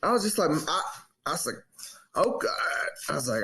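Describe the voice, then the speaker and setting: A man casually telling a story on a podcast and acting out the quotes in a raised voice. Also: a little fast. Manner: animated storyteller, acts out quotes in a high voice. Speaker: podcast co-host.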